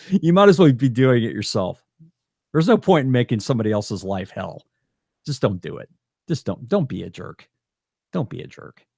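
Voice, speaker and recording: A man's voice: mid-range voice, sing-song, moderate pace, gravelly, long pauses, darkish tone, dry recording, clean studio sound. A man co-hosting a podcast, chatting casually and bluntly, rambling with lots of stumbling restarts. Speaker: podcast co-host.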